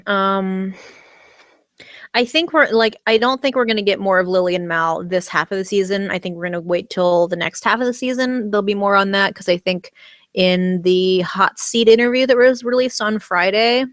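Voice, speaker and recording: An American woman vlogger in a loose, rambling chat, full of "um"s, restarts and giggly bursts of excitement. Her pitch sits in an ordinary middle range. The sound is close and dry, with no room behind it. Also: normal speed, dry recording. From United States. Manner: rambling, with many fillers and restarts, giggly enthusiasm. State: talking around a candy in her mouth. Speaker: vlogger recapping a TV episode. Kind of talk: casual livestream chat.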